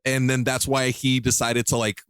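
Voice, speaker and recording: Podcast co-host, male, mid voice, eager and halting, recorded dry and close. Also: mid-range voice, clear, resonant tone, no room sound. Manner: excitable, stammering restarts. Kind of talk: casual chat.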